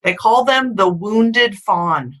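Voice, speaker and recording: A woman's voice: mid-range voice, lively intonation, slow, a bit bright, rough recording. A middle-aged woman hosting a podcast, talking frankly and emphatically in a candid conversation, swearing casually. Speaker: podcast host.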